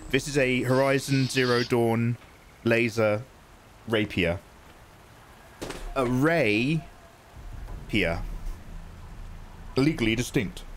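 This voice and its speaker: A man chatting through live gameplay, excitable and jokey, thanking viewers as he plays. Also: fairly high pitch, a little hiss or hum. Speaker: gaming streamer.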